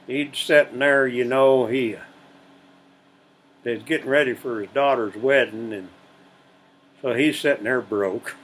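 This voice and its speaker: A man's voice: mid-range voice, unhurried, pauses often, poor audio. A man who hosts a channel, telling folksy jokes in a drawling storyteller's way.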